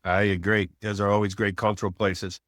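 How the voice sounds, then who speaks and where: A man hosting a podcast, with a lowish voice and an easygoing, storytelling way of talking. His sound is dry and close to the mic. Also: little pitch movement, brisk, a bit bright, no room sound. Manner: laid-back storyteller who acts out quotes. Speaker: podcast host. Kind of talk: casual interview chat.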